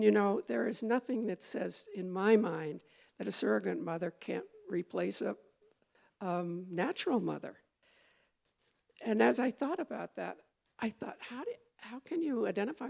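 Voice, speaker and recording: A woman's voice: mid-range voice, gravelly, a little mellow. A woman minister giving a conversational sermon, meandering, with fillers and restarts as she goes.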